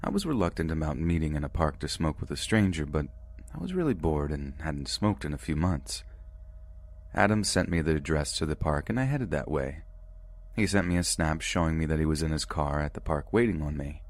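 With a bass voice, the man narrates submitted true frightening stories for his podcast, reading in the first person at a steady, deliberate rhythm.

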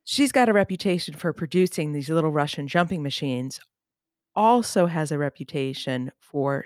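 A woman with a low voice co-hosts a casual sports podcast, chatting about Olympic news with sarcastic, opinionated commentary. The recording is dry and studio quality.

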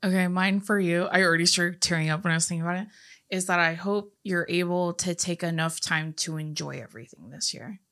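A woman's voice: on the low side, steady tone, a little fast, fairly bright tone. A young adult woman co-hosting a podcast, chatty and affectionate, reading listener questions aloud. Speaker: podcast co-host. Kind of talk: casual chat.

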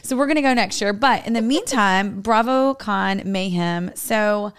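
A woman co-hosting a casual podcast, excitable and jokey as she chats. She swears easily and talks at an ordinary pitch. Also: a little slow, clean tone. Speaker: podcast co-host. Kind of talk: casual chat.

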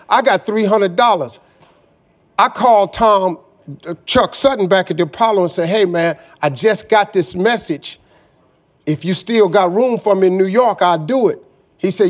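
A man's voice: sits high, moderate pace. A middle-aged man telling a personal story in a folksy, casual way, often adding "man". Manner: folksy, says "man" often, Southern Black vernacular. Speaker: guest storyteller. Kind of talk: personal story told to an audience.

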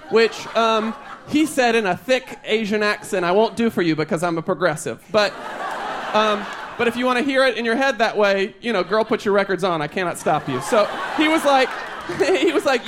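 High-voiced man doing rambling stand-up. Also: moderate pace, fairly bright tone, a little hiss or hum. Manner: chatty, rambling storytelling with asides. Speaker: stand-up comedian. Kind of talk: stand-up comedy set. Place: comedy stage before a live audience.

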